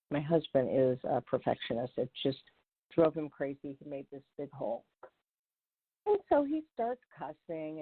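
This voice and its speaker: Low-voiced woman coach on a phone line. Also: dry recording. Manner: earnest, conversational, animated when retelling. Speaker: recovery coach and radio show host. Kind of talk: radio talk with personal storytelling. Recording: tinny phone-line radio audio, dry.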